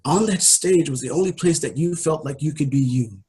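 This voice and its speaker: A man voicing a gentle, fatherly divine spirit that speaks softly and tenderly, reassuring the listener. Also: on the high side, brisk, breathy edge, rough recording.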